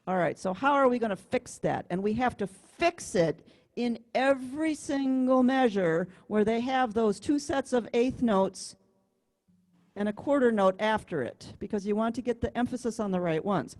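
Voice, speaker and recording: A woman's voice: medium pitch, unhurried, vocal fry, a little mellow. A woman music teacher giving an online class, explaining step by step with patience and counting beats aloud over a computer mic. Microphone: computer mic on a video call.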